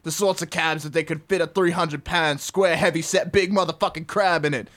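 A man's voice: fairly high pitch, fairly even intonation, a little fast, close to an everyday voice. Man putting on a brash Aussie crab narrator. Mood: swaggering. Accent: put-on Australian. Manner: loud, strained, swaggering delivery. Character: gruff profane Australian rulebook narrator, man. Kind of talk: comedic dramatic reading of game rules.

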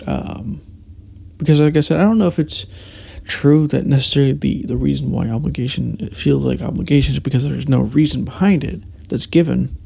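A man's voice: mid-range voice, fairly quick, creaky, mellow, breathy edge. A man hosting a solo podcast, talking reflectively in a meandering way, with frequent restarts and hesitations. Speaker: podcast host.

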